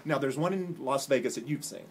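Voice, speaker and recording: Filmed at home on a phone camera, this vlog co-host chats casually, spinning a rambling story full of jokes. He has a medium-pitched, slightly rough voice and a somewhat fast delivery.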